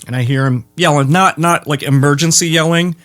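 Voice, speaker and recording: A man from the Midwest, a guest who makes bass guitars, chatting casually in an interview with dry humor and frequent pauses. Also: fairly bright tone.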